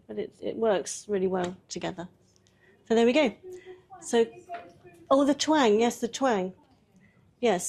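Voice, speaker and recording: A woman's voice: mid-range voice, vocal fry, mellow. A woman leads a live workshop demonstration in a chatty, easygoing way. She talks a volunteer through each step and laughs often as she goes. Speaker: workshop presenter.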